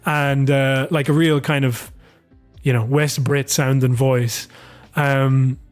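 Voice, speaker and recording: A man co-hosting a podcast, telling stories in a rambling, sweary, animated way. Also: medium pitch, slow, faint music behind. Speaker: podcast co-host. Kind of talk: casual political chat.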